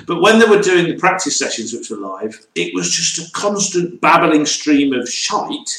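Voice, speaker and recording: Man from the east midlands, blunt ranting host, higher voice, roomy echo. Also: very animated, normal speed. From East Midlands, England. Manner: blunt, ranting, loud outbursts. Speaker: podcast host. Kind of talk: casual chat.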